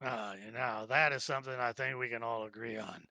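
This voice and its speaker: A man's voice: medium pitch, fairly even intonation, a little fast, pushed and bright, no echo, pitched below the performer's own voice. A man voicing a gossipy dockside trader with a put-on Brooklyn accent. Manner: chatty, laughing often.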